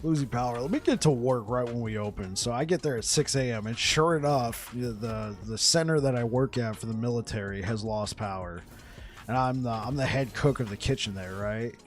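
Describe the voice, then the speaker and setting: A man chatting casually with viewers on a live game stream. He laughs often, repeats words as he goes, and gets excited when telling a story. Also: mid-range voice, fairly quick.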